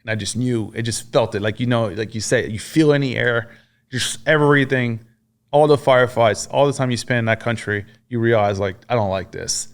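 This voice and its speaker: Speaking fairly quickly in a clean, medium-pitched voice, a veteran of the army from France trades war stories as a podcast guest. The talk is casual and full of cursing, and he acts out the quoted dialogue.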